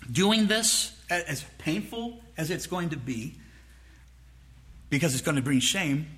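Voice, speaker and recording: A man preaching a sermon as pastor, emphatic and direct, acting out quick mock exchanges with his congregation and repeating his points. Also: a little high, fairly bright tone. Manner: rhetorical questions and repeated phrases.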